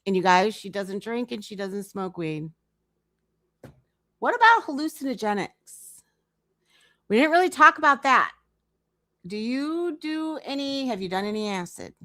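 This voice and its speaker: A woman's voice: on the high side, expressive, unhurried, pauses often, pushed and bright, no room sound, studio quality. A woman streamer giving reaction commentary on a clip, incredulous and teasing as she talks back to it.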